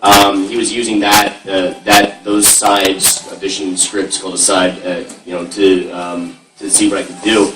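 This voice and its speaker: A man on a convention panel, a voice actor, telling anecdotes with lively energy, laughing often and stumbling over his words. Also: sits low, unhurried, hardly any pauses. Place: large convention hall. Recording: echoey hall, far off, loud hiss.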